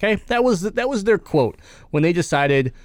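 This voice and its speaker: A man's voice: sits high, sing-song, moderate pace, no room sound. A man co-hosting a gaming podcast in loose, joking banter, laughing often and reading quotes aloud. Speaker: podcast co-host.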